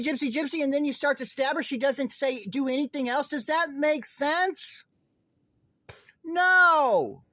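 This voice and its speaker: High-voiced man ranting heatedly. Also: a bit bright, dry recording. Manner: agitated, profane, rambling, addresses viewers directly. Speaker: online commentator. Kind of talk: heated true-crime monologue.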